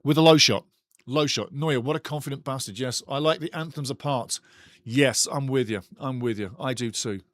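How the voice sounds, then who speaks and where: This football watchalong host speaks at a moderate pace in a medium-pitched, slightly bright voice, chatting with live stream viewers, reading their comments aloud, and giving blunt opinions he repeats often. The desk microphone recording has no echo.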